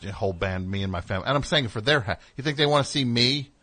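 A man's voice: medium pitch, expressive, fast, bright, forceful tone. A man hosting a radio show, telling a story in a casual, rambling way with wry asides in the studio.

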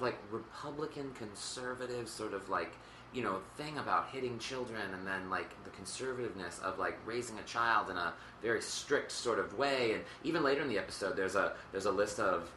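A man's voice: lowish voice, sharp tone, a little hiss or hum. A man co-hosting a casual chat about a TV episode, rambling with lots of fillers and jokes. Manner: rambling, filler-heavy, jokey. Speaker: podcast co-host. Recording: roomy echo with faint ambience.

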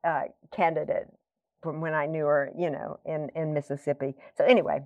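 A woman's voice: low-pitched, level tone, normal speed, a little mellow, no echo, lo-fi sound. A woman guest telling long, rambling stories in casual conversation, full of fillers and tangents. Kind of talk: conversational storytelling.

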